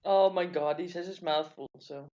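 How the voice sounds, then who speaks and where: A woman's voice: fairly low pitch, normal speed, dark tone, dull audio. A woman whose first language is not English, teasing and chuckling on an online panel. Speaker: panel guest. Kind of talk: casual panel chat.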